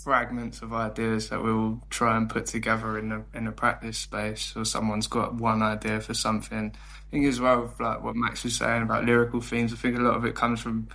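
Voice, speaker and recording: Young London band member, very monotone, hesitant and halting in interview. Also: male voice, lowish voice, vocal fry. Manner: hesitant, searching for words, flat delivery. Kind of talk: casual interview chat.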